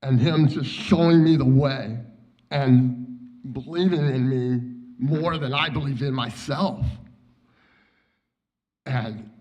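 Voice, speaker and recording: A man giving a memorial eulogy for a friend. He speaks haltingly, repeats his words, and his voice trails off quietly as he grieves. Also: medium pitch. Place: church memorial service. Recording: dull, muffled lo-fi recording.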